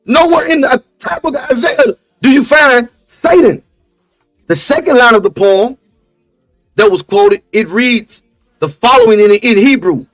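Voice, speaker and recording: High-pitched guy laying out religion talk, emphatic, repeats stuff, dry mic. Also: a little slow, a bit bright, no room sound, soft background music. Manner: emphatic, preachy, repeats points. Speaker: podcast co-host. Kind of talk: casual religious discussion.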